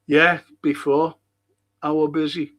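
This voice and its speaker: A man's voice: fairly high pitch, level tone, slow pace, fairly bright tone. A man hosting a rambling solo monologue, blunt, swearing and often restarting his sentences. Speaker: host.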